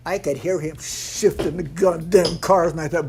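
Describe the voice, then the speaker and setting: Older male storyteller, slightly higher voice, animated anecdotes, plays every character in his stories, laughs a lot. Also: normal speed, vocal fry. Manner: animated yarn-spinner, mimics others in quotes, laughs often. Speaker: veteran stunt performer.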